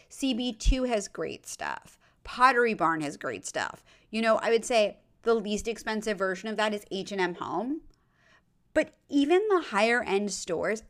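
Lively, chatty, tired woman podcast host. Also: mid-range voice. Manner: chatty, self-deprecating, lots of fillers and asides. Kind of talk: casual solo chat giving advice.

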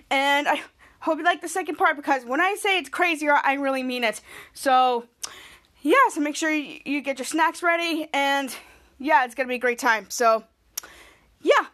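A woman hosting a podcast, recapping a TV episode in a casual, excitable way, repeating herself and correcting her own words. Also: high voice. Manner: excitable, repetitive, frequent self-corrections. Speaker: podcast host.

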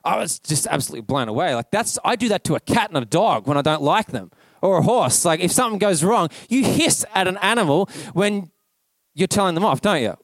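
High-voiced Australian preacher, chatty. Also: male voice, animated, fairly quick, dry recording. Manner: chatty storytelling, peppered with "like". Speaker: pastor. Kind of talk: casual conversational sermon. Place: church.

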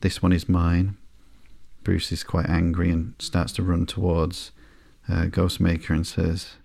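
A man hosting a sleepy podcast, reading through a comic slowly and flatly with frequent ums and uhs. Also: low-pitched, creaky, no room sound, studio quality. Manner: slow, flat and unhurried, with frequent ums and uhs. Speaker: podcast host.

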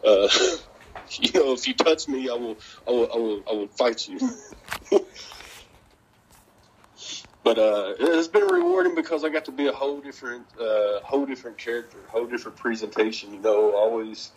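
A man's voice: medium pitch, normal speed, pauses often, husky, rough recording. Profane, laughing man telling wrestling stories. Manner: profane, laughing, animated storytelling. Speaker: wrestler interviewee. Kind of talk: casual interview storytelling.

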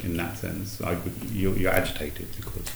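Deep-voiced man in an echoey room. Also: flat delivery, creaky, a little hiss or hum. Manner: halting, restarting sentences. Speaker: student in discussion. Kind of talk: questioning discussion.

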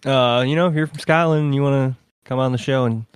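A man co-hosting a casual podcast chat, deadpan and full of crude jokes, who introduces the songs. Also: mid-range voice, fast talker, clean tone, no echo, clean studio sound. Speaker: co-host.

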